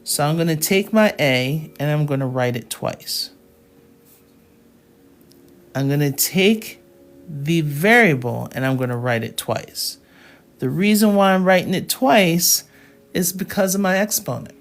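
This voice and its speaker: Slow, patient woman teaching math. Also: sits low, lively intonation, faint music behind. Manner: slow, patient step-by-step explaining with check-ins. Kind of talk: live classroom math lesson.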